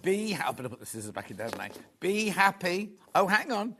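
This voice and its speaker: A man presenting a live shopping show in a studio, chatty and rambling with quick asides. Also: high-pitched, very animated, sharp tone, slight background noise. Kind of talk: live selling chat.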